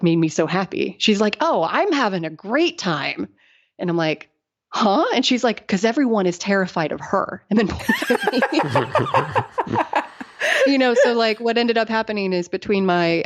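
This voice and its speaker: A middle-aged woman engineer, a podcast guest, telling stories in casual talk, laughing often and acting out the people she quotes. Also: lowish voice. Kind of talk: casual interview storytelling. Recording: dull lo-fi podcast audio.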